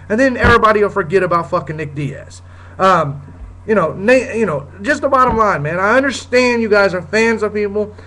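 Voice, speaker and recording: Angry guy ranting on his show, high sharp voice, swears a lot, keeps going "you know what im saying". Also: a little hiss or hum, low-quality recording. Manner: heated, blunt, swears often, repeats "you know what I'm saying". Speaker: show host. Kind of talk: profane ranting commentary.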